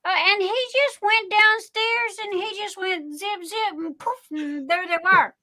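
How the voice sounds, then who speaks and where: A middle-aged woman hosting a casual livestream, telling stories in a rambling, excitable way. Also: very high-pitched, measured pace. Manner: rambling, excitable, chatty storytelling. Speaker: livestream host.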